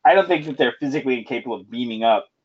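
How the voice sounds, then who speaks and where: A man in casual podcast chat, calmly talking a point through at a middling pitch. The sound is dull and lo-fi. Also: rapid-fire, slightly rough. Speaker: podcast co-host. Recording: dull lo-fi audio.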